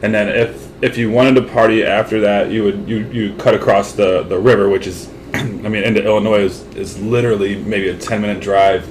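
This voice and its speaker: A man's voice: lowish voice, steady tone, brisk. A man from St. Louis co-hosting an interview, talking in a rambling, casual way with lots of fillers and the odd swear word. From St. Louis, Missouri. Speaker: co-host. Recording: noisy background hiss.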